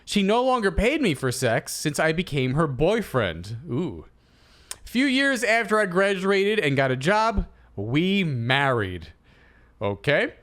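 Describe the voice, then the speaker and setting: A man in his thirties co-hosting a comedy podcast, telling stories in a casual, animated way and acting out quotes. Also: a little high, slow pace. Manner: animated storyteller, acts out quotes. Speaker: podcast co-host.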